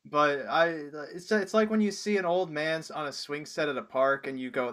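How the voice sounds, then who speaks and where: A man's voice: on the high side, brisk, hardly any pauses, fairly bright tone. A man in a casual comedy chat who stumbles and repeats words as he starts his points.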